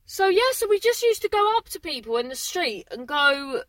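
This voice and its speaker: A woman's voice: extremely high pitch, big pitch swings, normal speed, few pauses, fairly bright tone, dry recording. A young Englishwoman with a casual, rambling way of talking, swearing freely as she chats from her parked car. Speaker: vlogger. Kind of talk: casual chatty vlog monologue.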